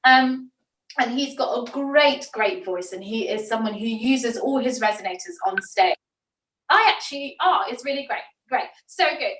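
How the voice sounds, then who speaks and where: Lively woman in an echoey room. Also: on the high side, moderate pace, a little hiss or hum. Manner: lively, demonstrative, laughs often. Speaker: theatre director leading a workshop. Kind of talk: online acting workshop. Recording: echoey room, mic at a distance.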